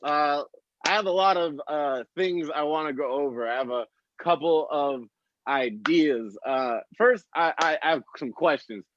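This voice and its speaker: A man's voice: a little high, measured pace, a bit bright, no echo. An American man doing a stand-up set, with a laid-back, rambling delivery and laughs at his own jokes. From United States. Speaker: stand-up comedian. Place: small comedy stage before a live audience. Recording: dry, slightly muffled live recording.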